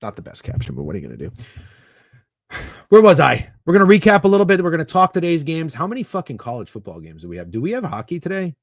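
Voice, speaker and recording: A man's voice: fairly high pitch, huge pitch swings, fast talker, vocal fry, dry recording. Rambling, profane sports-betting streamer man. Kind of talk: casual livestream chat.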